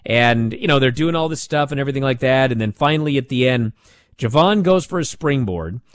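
A man casually recapping a wrestling show, animated and sarcastic as he tells it. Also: mid-range voice, fairly quick, no echo, clean studio sound.

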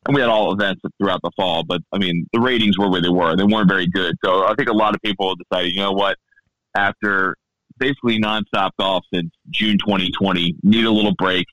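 A man from the Baltimore area chatting casually on a podcast, relaxed and full of fillers and restarts. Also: deep voice, brisk, no room sound, lo-fi sound. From Baltimore area, USA. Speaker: golf podcaster and radio station founder.

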